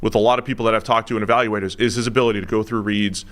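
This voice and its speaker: A man co-hosting a casual sports podcast, chatty and lively, quick to laugh. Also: on the low side. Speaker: analyst co-host.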